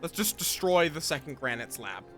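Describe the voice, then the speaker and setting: A man's voice: on the high side, very animated, normal speed, a bit bright, soft background music. A tired man streaming a game, muttering to himself and thinking aloud as he plays. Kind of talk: casual gameplay commentary.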